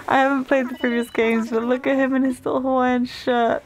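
A young woman hosting a gaming channel, giving casual, giggly and excitable commentary while she plays, laughing often. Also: high voice, a little fast, hardly any pauses.

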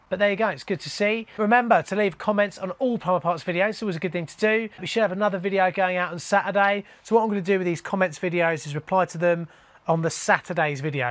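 A man's voice: high voice, fairly bright tone, dry recording. A man hosting his plumbing channel, casually reading out viewer comments and joking with viewers he calls mate.

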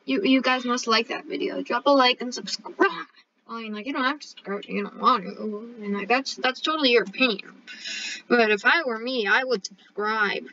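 Bright high-voiced playful female gamer. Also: brisk, dull audio, a little hiss or hum. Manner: playful, joking, self-promoting. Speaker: gaming channel host. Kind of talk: casual gameplay chat.

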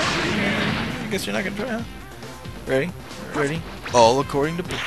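A man giving casual, rambling gameplay commentary, excitable and swearing while he plays. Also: high-pitched, moderate pace. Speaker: let's play host. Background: loud game music.

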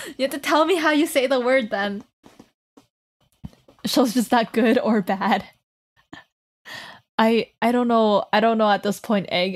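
A woman streamer chatting casually with her viewers, laughing often and teasing them. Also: on the high side. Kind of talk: casual live stream chat.

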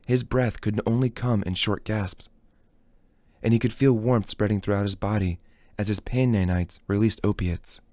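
A man with a low voice reads a novel aloud in steady, dramatic storybook narration. The recording is dry and close, with no room sound. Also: normal speed, no room sound. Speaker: audiobook reader.

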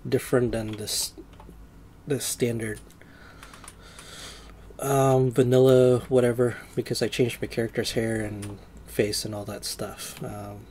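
A man's voice: mid-range voice, little pitch movement, a little slow, pauses often, a little mellow, slight background noise. A man giving casual gameplay commentary, chatty and joking, with surprised exclamations. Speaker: let's play gamer.

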